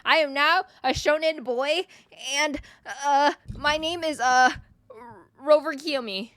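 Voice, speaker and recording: A woman's voice: sits high, takes it slowly, fairly bright tone, dry recording, studio quality. A young woman VTuber streamer chatting casually with her viewers, playful and giggly. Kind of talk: casual stream chat reading viewer messages.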